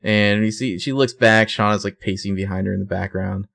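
A man's voice: lowish voice, steady tone, a little fast, creaky, a bit bright. A man co-hosting a podcast, casually retelling a TV episode scene by scene with fillers and self-corrections. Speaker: podcast co-host recapping a TV episode. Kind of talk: casual chat.

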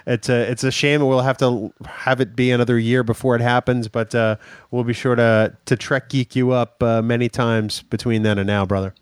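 Man, podcast co-host, casual chat, upbeat, mid pitch, dry close sound. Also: level tone, moderate pace, clear, resonant tone, no room sound. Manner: upbeat, wraps up segments.

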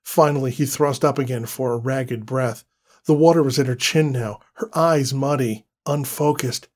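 A man giving a scripted horror story narration in a slow, deliberate, dramatic way. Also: mid-range voice.

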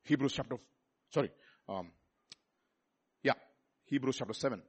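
A man preaching a sermon, swinging from loud exclamations to soft asides and putting questions to his listeners. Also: mid-range voice, normal speed, husky.

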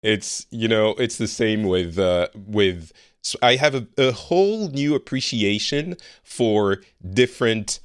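French male podcast host, low lively voice, chatty and self-mocking, dry close mic. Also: takes it slowly, smooth, no echo. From France. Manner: chatty, laughing, self-deprecating. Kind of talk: casual chat.

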